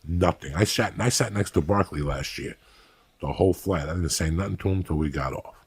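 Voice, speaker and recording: A man's voice: low voice, fairly quick, husky, no echo. A middle-aged man telling blunt, profane stories in casual podcast chat, acting out what he said. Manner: profane, blunt and animated, acting out his own quotes. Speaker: storyteller on a podcast.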